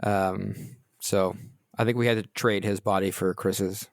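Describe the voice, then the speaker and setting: A man's voice: low voice, steady tone, unhurried, vocal fry, no echo, clean studio sound. A man hosting a podcast, leading casual chat with jokey, self-deprecating banter. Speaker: podcast host.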